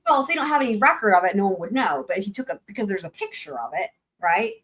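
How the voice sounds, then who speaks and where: Woman host breaking down court stuff, chatty, animated, swears a bit. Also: mid-range voice, fast, slightly rough. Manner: chatty, animated, explains points and swears casually. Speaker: livestream host. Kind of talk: casual legal commentary.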